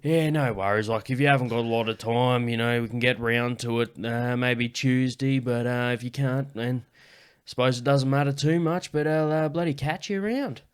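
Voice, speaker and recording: A man putting on a slow, drawling rural New South Wales farmer leaving a rambling voicemail. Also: mid-range voice, clean tone, voice pushed up, close to an everyday voice. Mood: easygoing. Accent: rural New South Wales Australian.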